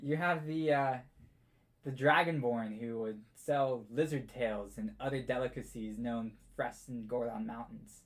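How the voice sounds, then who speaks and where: He tells the tabletop story as game master with an easygoing manner and frequent chuckles, his medium-pitched voice keeping a measured pace.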